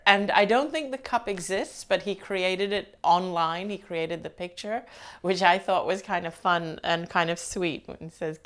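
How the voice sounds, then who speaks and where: A woman hosting her own channel, chatting casually to viewers with rambling asides and frequent laughs. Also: lowish voice. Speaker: host.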